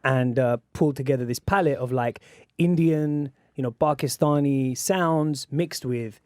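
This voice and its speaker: Actor-rapper guest, articulate and relaxed, dry studio sound. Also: male voice, mid-range voice, measured pace, no echo. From London. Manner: articulate, explains with loose asides. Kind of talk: casual studio interview. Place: radio studio. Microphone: studio microphone.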